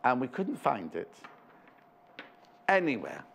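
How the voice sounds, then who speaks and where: Lively, chatty shopping presenter man. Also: mid-range voice, takes it slowly, creaky, a little hiss or hum. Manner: chatty, rambling, jokey asides. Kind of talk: live shopping show chat.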